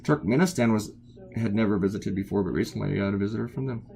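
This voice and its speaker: Tired cartoonist, male, low gravelly voice, rambles casually while drawing. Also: fast, dark tone. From United States. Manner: rambling, wandering off topic.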